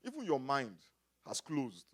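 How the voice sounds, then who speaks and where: A man from Africa preaching a sermon, moving from quiet talk to loud shouting and calling out to the congregation. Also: medium pitch, huge pitch swings, unhurried. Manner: builds from quiet to shouting, call and response. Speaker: pastor.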